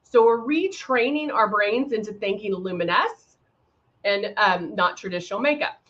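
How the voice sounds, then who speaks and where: A woman hosts a live makeup tutorial, chatting with viewers and greeting them by name between steps, using frequent fillers. Her voice is medium-pitched, animated and a bit bright at a normal speed, and the livestream audio is slightly dull.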